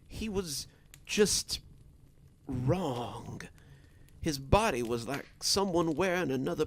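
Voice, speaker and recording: A man narrating a scripted horror story in a slow, deliberate storytelling manner. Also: mid-range voice, gravelly, a little hiss or hum.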